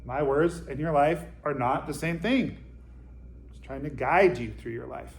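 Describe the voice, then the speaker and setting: Relaxed man giving a roomy dharma talk. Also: on the high side, normal speed. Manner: conversational, dry self-deprecating humor. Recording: roomy echo.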